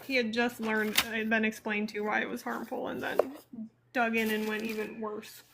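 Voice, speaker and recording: A woman's voice: a little high, flat delivery, normal speed, gravelly, a crowd in the background. A woman guest on a casual live stream, speaking candidly and laughing along easily.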